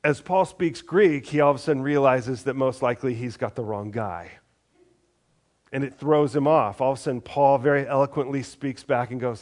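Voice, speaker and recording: A man's voice: mid-range voice, moderate pace, a little mellow. A man reading scripture aloud and then preaching in a conversational way, often restarting his words. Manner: conversational, with frequent repeated restarts.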